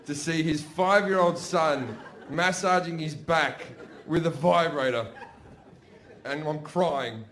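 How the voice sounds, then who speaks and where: A man's voice: on the high side, slow, fairly bright tone. A man doing brash, profane stand-up storytelling on stage. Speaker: stand-up comedian. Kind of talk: stand-up comedy. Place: comedy stage before a laughing audience.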